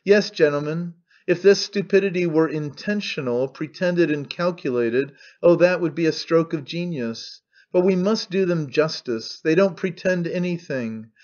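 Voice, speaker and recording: A man voicing an excitable, pompous old male orator who declaims grandly and defiantly. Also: fairly high pitch, normal speed, few pauses, dull audio, natural voice. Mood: declaiming.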